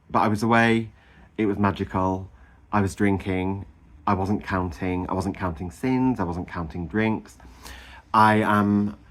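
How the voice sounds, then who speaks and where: A man, chatting casually to camera in a gushing, animated way, full of ums and little laughs. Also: low voice. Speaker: vlogger. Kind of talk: casual chatty weight-loss update.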